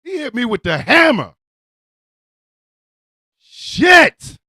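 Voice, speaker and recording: A male radio host with a strikingly high, gravelly voice that leaps all over the place. He drags his words out slowly in a dry, close sound, yelling and cursing through a comic rant. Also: sing-song, no echo.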